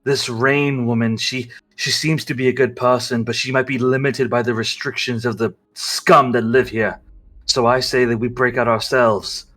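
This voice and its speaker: A man voicing a scheming male prisoner who speaks low and affectionately to his lover. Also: flat delivery, normal speed, a bit bright, soft background music, natural voice. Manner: low and affectionate, angry when crossed.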